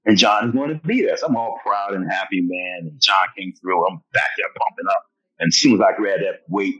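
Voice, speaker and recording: A man with a deep, slightly bright voice talks briskly as a guest on a podcast interview. He tells animated stories, acting out other people's lines and chuckling often, over dull lo-fi audio.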